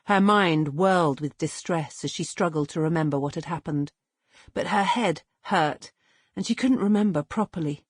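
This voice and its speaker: A woman reading a dramatic novel aloud as an audiobook narrator, measured and expressive, close to the mic. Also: low voice, husky, no echo. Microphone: close studio mic.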